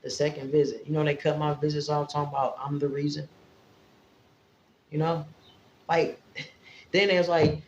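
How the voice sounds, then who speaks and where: A woman's voice: low voice, normal speed, long pauses, darkish tone, reverberant, dull audio, slight background noise. A woman from Indiana talking straight to her viewers in a casual vlog, rambling and emotional. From Fort Wayne, Indiana, US. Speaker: vlogger. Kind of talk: casual livestream-style vlog talk.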